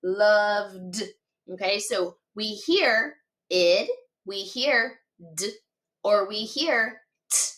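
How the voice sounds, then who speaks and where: A woman teaches phonics to young children at a slow, deliberate pace. She sounds out each letter and word carefully. Her voice sits in a middle pitch and stays patient and encouraging. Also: expressive, a bit bright. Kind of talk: slow, clearly enunciated phonics lesson for children.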